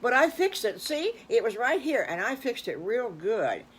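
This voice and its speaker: A woman's voice: on the high side, big pitch swings, normal speed, fairly bright tone, slight background noise, pitched above the performer's own voice. An older woman voicing a chatty little girl who talks eagerly and proudly.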